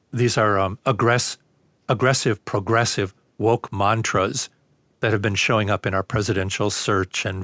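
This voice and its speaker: A man speaks as a guest in an interview, talking in a measured, lecturing manner that is full of ums and uhs. His voice sits on the low side. The recording is dry, with no room sound. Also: fairly bright tone, no room sound. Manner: measured, lecturing, with many fillers. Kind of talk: conversational interview.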